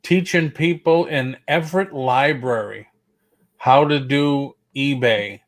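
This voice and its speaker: A man from Boston talks in a loose, chatty way on a casual live stream, his accent plain in every vowel. His voice sits at an everyday middle pitch, and he keeps the stories rolling. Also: takes it slowly. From Boston area. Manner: chatty, storytelling, slips into quoted voices. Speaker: co-host.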